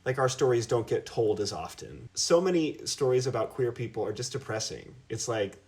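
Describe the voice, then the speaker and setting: Animated, playful man from Middle America. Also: medium pitch, moderate pace. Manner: animated, laughing, playful emphasis. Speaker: podcast guest, endurance athlete. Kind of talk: casual interview conversation.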